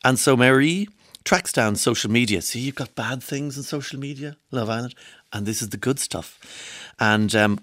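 A man's voice: medium pitch, lively intonation, brisk, fairly bright tone, no room sound, studio quality. A man presenting the newspapers on the radio, chatty and digressive, with frequent restarts and asides. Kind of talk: casual radio chat.

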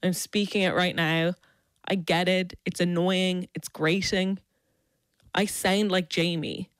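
Brief: young woman, South Dublin Irish accent, lowish voice, dry studio sound, sardonic essay read. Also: steady tone, slow, clean tone, no echo. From Ireland. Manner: wry, sardonic rant. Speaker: radio essayist. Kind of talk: scripted radio essay.

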